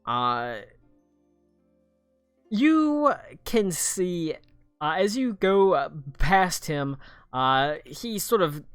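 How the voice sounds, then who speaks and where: A man narrating as game master of a tabletop game, rambling with many pauses and restarts. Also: a little high, clear, resonant tone, dry recording, studio quality.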